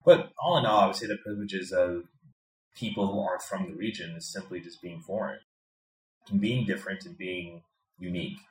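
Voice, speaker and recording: An American expat in Thailand, originally from Chicago, speaks as an interview guest in a very deep, slightly mellow voice, taking his time and reflecting as he talks. He tends to repeat words while building toward a point. The indoor room in Bangkok where he sits gives off a noticeable echo.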